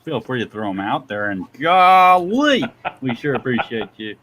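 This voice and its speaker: A man's voice: lowish voice, brisk, a bit bright, slight background noise. A friendly man chatting as a panel guest on a live stream over a video call. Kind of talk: casual chat on a live stream.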